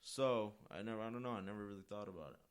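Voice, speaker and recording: A man with a notably deep, low-pitched voice hosts his own show in a loose, rambling monologue. He swears constantly and talks with blunt, emphatic energy. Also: rapid-fire, smooth. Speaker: podcast host. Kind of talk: casual monologue.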